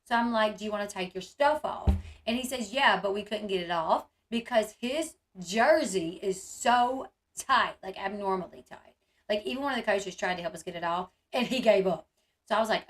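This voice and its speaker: A woman's voice: medium pitch, animated, normal speed. A woman, telling viewers a rambling family story, full of fillers and quoted dialogue. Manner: chatty, rambling, many fillers and quoted speech.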